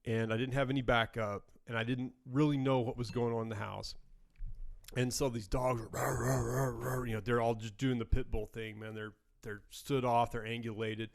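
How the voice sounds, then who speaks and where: A man's voice: medium pitch, little pitch movement, normal speed. A man on a podcast tells a casual story from his days answering emergency calls. He talks in an ordinary mid-range voice and breaks into laughter as the story lands. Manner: laughing through his own anecdote. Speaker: podcast co-host.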